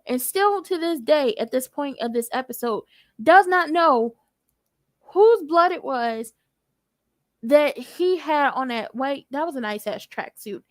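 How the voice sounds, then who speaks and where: Sassy woman chatting through a tv recap, high voice, dry close sound. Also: no echo. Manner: sassy, animated, with playful asides. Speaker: TV recap YouTuber. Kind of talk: casual TV episode recap.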